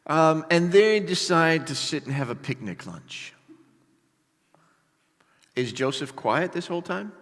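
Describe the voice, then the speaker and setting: A male pastor preaching a sermon with animated storytelling and casual asides to the congregation. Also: fairly high pitch, measured pace, long pauses. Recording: long hall reverb.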